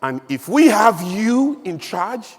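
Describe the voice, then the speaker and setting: Nigerian man, conference speaker, high voice, emphatic oratory, long hall reverb. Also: slow pace, husky. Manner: emphatic, animated oratory with rhetorical questions. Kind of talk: public speech.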